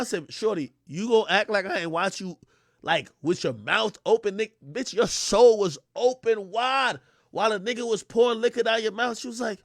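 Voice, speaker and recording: A young man telling a story on his livestream, excitable and loud, acting out the voices he quotes. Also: sits high, moderate pace, vocal fry, no echo, studio quality. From Jamaica. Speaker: streamer.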